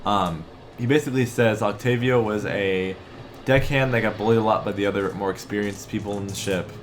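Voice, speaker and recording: A man running a tabletop game as game master, narrating in a laid-back, halting way over background music. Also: on the low side, slight background noise.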